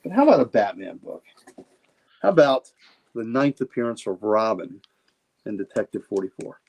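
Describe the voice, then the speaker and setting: The guest comic collector's voice is fairly low and a little mellow, very animated at a normal speed, with lo-fi sound quality. Chatting casually on the livestream, he shows off his comic books, rambling excitedly and often repeating himself.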